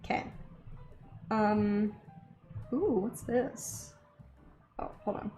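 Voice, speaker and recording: A young woman hosting an art channel, chatting casually and excitedly while she draws, rambling with lots of little gasps. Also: medium pitch, drawn-out words, faint music behind. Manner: bubbly, easily excited, rambling. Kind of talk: casual chat while drawing.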